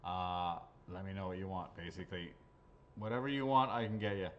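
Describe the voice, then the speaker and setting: A man's voice: low-pitched, steady tone, fairly quick, a little hiss or hum. A man hosting a live raffle draw, chatting casually, joking crudely and rambling between draws. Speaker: raffle host. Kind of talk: casual live-stream chat. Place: his golf shop or driving range. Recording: slightly dull lo-fi audio.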